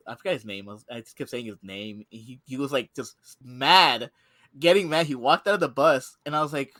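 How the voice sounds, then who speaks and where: A young man and podcast co-host telling a work story in casual chat, animated and swearing often, acting out the people he talks about. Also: medium pitch, normal speed, no echo, studio quality. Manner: animated, acts out coworkers in quoted voices, swears often.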